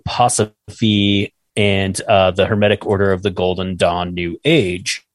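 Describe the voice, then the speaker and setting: A man's voice: deep voice, level tone, normal speed, dry recording. Man, podcast co-host, casual, reads notes, trips over foreign words, dry close sound. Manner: reads notes, stumbles over French words, laughs at himself; swears casually. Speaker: podcast co-host reading research.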